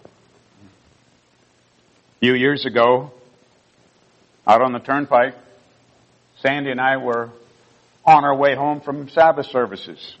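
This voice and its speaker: An older man delivers a sermon as a pastor, telling personal stories earnestly. His voice sits in a middle pitch, and the recording sounds a bit muffled and lo-fi. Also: fairly even intonation, slow pace, long pauses. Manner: earnest storytelling, rising emotion at key moments.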